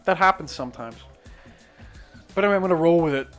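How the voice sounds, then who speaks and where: Talking fast in a fairly high, fairly bright voice over soft background music, a Northern Irish man with a muted accent draws on stream. He rambles through a skeptical, swear-heavy rant, restarting himself again and again.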